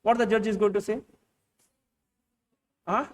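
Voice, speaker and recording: A man's voice: high voice, fairly even intonation, measured pace, distant mic. A man with an Indian English accent teaching accounting in a classroom lecture, firing rhetorical questions at his students and acting out little dialogues.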